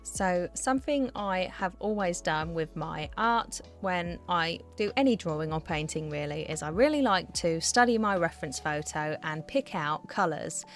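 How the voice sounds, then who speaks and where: A woman's voice: on the low side, lively intonation, normal speed, hardly any pauses, soft background music. A woman chatting casually as she narrates a voiceover for her art vlog, giggling often and running herself down. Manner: chatty, giggly, self-deprecating. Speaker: art vlogger. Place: home art studio.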